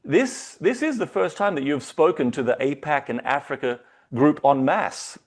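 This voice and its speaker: A man hosting a company video call, hyping the guest with excitable introductions. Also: fairly high pitch, moderate pace. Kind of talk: enthusiastic online meeting hosting.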